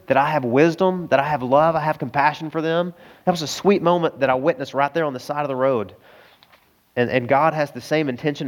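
A middle-aged man preaching a sermon as pastor, earnest and emotional, telling stories to his congregation. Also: on the high side. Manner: earnest, emotional storytelling, addresses crowd as guys.

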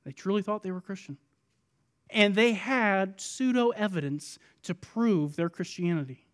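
A man with a high voice delivers a sermon. He acts out the people in his text with loud pleading, then drops to quiet, low asides. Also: unhurried. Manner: dramatic, voicing the people in the parable. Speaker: pastor.

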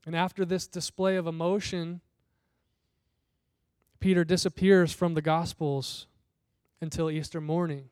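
A man with a high, smooth and resonant voice preaches a sermon. He tells the story conversationally and slips into the voices of the people in the passage. The sound is close and dry. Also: fairly even intonation, unhurried, pauses often, a little mellow, dry recording. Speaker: pastor.

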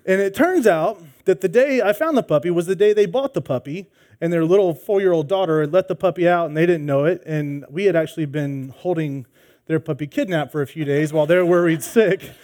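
Animated male pastor telling a story. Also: on the high side, brisk. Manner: animated storytelling, acts out voices. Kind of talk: sermon with personal story.

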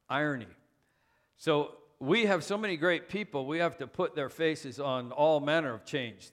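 A man's voice: mid-range voice, a bit bright. A man preaching a sermon as pastor, conversational and self-deprecating, with frequent fillers.

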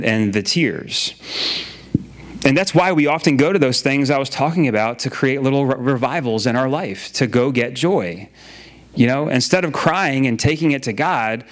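A man preaching a sermon in a casual, conversational way, often repeating his phrases and using filler words. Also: mid-range voice. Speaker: pastor.

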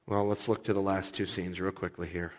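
A man preaching a sermon as pastor, conversational, with his voice swinging between loud and hushed. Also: sits low, little pitch movement, a little fast. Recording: long hall reverb.

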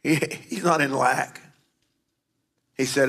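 A man preaching a sermon, rising to emphatic calls and dropping low to tell stories. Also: unhurried, bright, forceful tone. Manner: emphatic preaching with sudden drops to a low confiding voice. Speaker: pastor.

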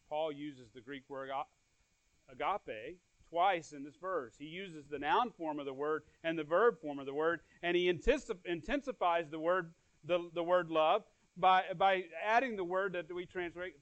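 A man preaching a sermon earnestly. His voice swells louder and then drops soft, and he repeats phrases and restarts words as he goes. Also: on the high side, measured pace, no echo, rough recording. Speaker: pastor.

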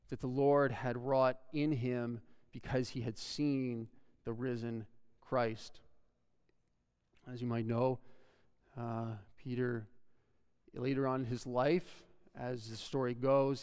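A man's voice: medium pitch, darkish tone, smooth. A male pastor preaching a sermon, earnestly reading scripture aloud and building emphasis as he explains it. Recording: long hall reverb.

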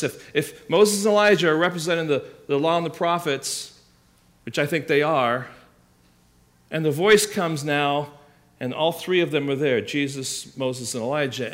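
A man's voice: fairly high pitch, a bit bright. A man preaching a sermon, explaining scripture with emphatic rhetorical questions and restarts. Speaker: pastor.

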